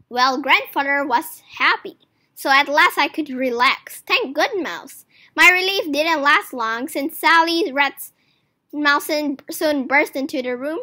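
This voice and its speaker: A woman reading a children's storybook aloud, her voice high and bright. She tells it at a slow, unhurried pace with lively, sing-song swoops in pitch. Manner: expressive storytelling with character voices. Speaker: reader. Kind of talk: children's book read aloud.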